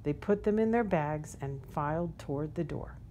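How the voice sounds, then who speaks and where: A woman reading a children's picture book aloud in a gentle, unhurried storytelling manner. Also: low-pitched, expressive, slight background noise. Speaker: storybook reader.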